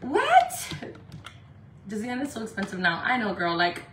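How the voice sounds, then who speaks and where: A woman's voice: medium pitch, fast talker, bright, forceful tone. Woman, casual livestream, chatty, profane, switches into Spanish, echoey room, faint hiss. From Indio, California. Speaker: makeup livestreamer.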